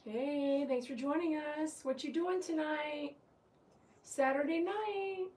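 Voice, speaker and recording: A woman's voice: sits high, takes it slowly, darkish tone. A woman hosting a casual livestream as a dog groomer, chatty and teasing as she talks straight to her viewers.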